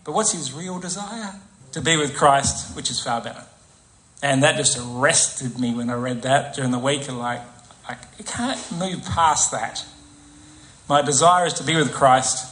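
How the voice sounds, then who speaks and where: A man's voice: mid-range voice, lively intonation, measured pace. A man preaching a conversational sermon in a church, often asking the congregation tag questions and acting out quoted voices. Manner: acts out quoted voices with soft asides.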